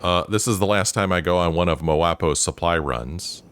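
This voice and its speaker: A man's voice: low voice, expressive, a little fast, hardly any pauses, fairly bright tone, soft background music. A man giving casual, joking commentary while playing a game and reading its dialogue aloud. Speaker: let's play host.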